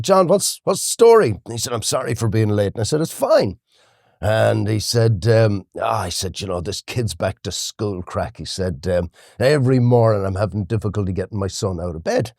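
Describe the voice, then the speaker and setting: A man's voice: lowish voice, no echo, clean studio sound. An Irish man, a podcast co-host, telling an anecdote in casual chat and acting out the quotes with laughter. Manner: animated storyteller, acts out quotes with laughs.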